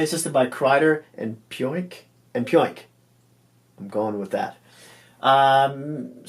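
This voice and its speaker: A relaxed man runs through last night's hockey scores in an offhand, chatty way. His voice sits at an ordinary middle pitch. He leans on ums and uhs and trips over hard names as he goes. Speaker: hockey recap host. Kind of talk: casual game recap.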